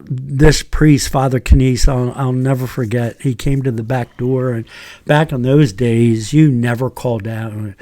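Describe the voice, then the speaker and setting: An older man, a retired teacher, telling animated stories in a casual chat and acting out the voices of people in them. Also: mid-range voice, unhurried, no echo. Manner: animated anecdotes, acts out quoted voices. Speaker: retired teacher, podcast guest.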